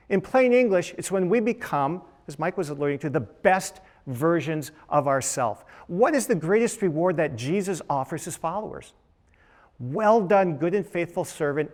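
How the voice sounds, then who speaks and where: A middle-aged man, a dermatologist on a panel, tells his story to students with quoted voices and rhetorical questions. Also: a little high.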